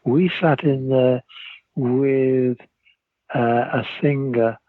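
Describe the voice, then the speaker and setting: An older man with a Liverpool accent telling rambling, lively anecdotes as an interview guest, over a tinny phone line. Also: medium pitch, extremely slow, no room sound. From Liverpool, England. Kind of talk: anecdotal storytelling.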